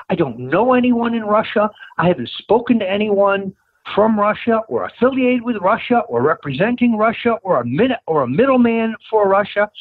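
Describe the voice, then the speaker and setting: A man as a political guest on a phone interview, talking in an emphatic, combative way and climbing to insistent highs. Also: slightly rough, no echo. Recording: tinny phone line, dry.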